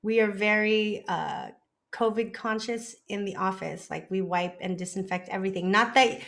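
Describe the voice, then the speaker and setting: A woman in her thirties hosting a podcast in casual chat from an office, chatty and relaxed, laughing often. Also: medium pitch, normal speed, vocal fry. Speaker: podcast host, dentist.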